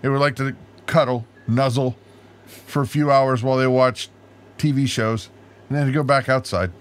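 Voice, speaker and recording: A man's voice: mid-range voice, fairly even intonation, normal speed. A man co-hosting a casual live chat, playful and joking as he tells stories. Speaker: co-host of a family homestead livestream.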